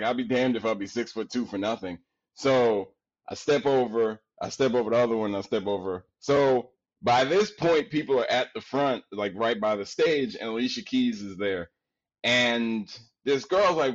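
A man from Queens tells stories as a podcast guest. His voice is deep and resonant, and his delivery is animated and full of casual slang. The recording is slightly dull and lo-fi. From Queens, New York. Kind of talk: casual storytelling chat.

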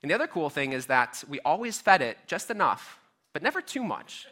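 A man's voice: on the high side, big pitch swings, brisk, pushed and bright. A man preaching a sermon as a pastor, casual and conversational with filler words and light humor.

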